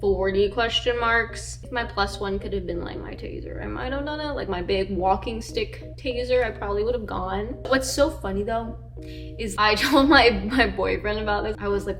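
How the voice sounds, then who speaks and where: Young woman, vlogger, wry chatty storytelling, mid pitch, frequent fillers. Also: normal speed. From Nashville. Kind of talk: casual vlog storytelling.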